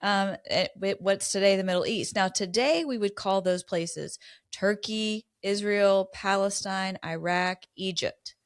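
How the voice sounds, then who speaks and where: A middle-aged woman, co-hosting a podcast, mixing casual chat with Bible teaching in an animated storytelling way. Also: mid-range voice, a little slow, clean tone. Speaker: podcast co-host.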